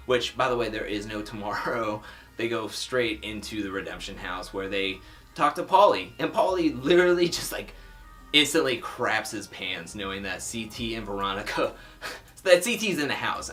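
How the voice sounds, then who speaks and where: A man's voice: on the low side, sharp tone. A man casually recapping a reality TV episode in a chatty, sarcastic, offhand way. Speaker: TV recap vlogger. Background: faint music.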